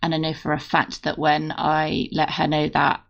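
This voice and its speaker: A woman's voice: deep voice, monotone, moderate pace, vocal fry, dull audio. A woman co-hosting a gaming podcast, chatting and joking casually. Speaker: podcast co-host. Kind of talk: casual chat.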